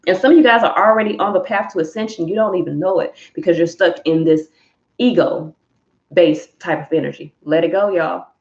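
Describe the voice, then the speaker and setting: In a brisk, fairly low-pitched voice, a tarot reader does a live collective reading for her viewers, swearing casually and speaking with candor and emphasis. She addresses them as "y'all"; the sound is roomy with the highs cut off.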